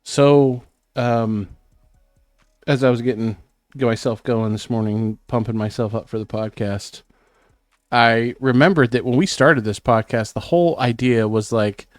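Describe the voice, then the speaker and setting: A middle-aged man, a bit sick, co-hosting a casual podcast and talking about himself in self-conscious, animated bursts. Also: mid-range voice, unhurried, no echo, studio quality, faint music behind. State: sick, clearing throat. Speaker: podcast co-host. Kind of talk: casual chat.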